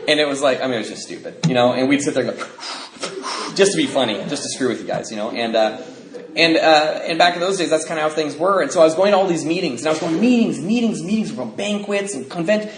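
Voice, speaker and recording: A middle-aged man from the Pacific Northwest, telling his recovery story to a live audience in a joking, self-mocking way with many fillers. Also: mid-range voice. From Bellingham, Washington. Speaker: recovery speaker. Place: convention hall before an audience. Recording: roomy hall, noisy live recording.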